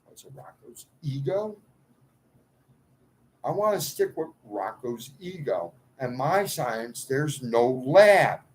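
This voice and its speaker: A man delivering an impassioned, rambling monologue straight to his viewers, swinging between shouting and muttering. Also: medium pitch, very animated, slow, husky, rough recording. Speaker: video poster.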